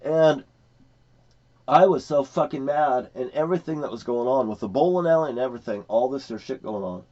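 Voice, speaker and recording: A man talks in a long, rambling rant full of profanity and anger. His voice sits at a middle pitch. The recording is dull and lo-fi. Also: a little fast, warm tone. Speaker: vlogger.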